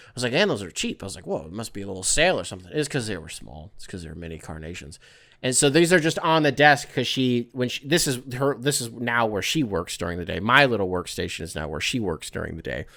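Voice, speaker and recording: A man's voice: lowish voice, fairly bright tone. A young man hosting his own podcast from a home desk, chatting loosely with profane, rambling asides. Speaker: podcast host. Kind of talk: casual solo podcast monologue. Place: home workstation.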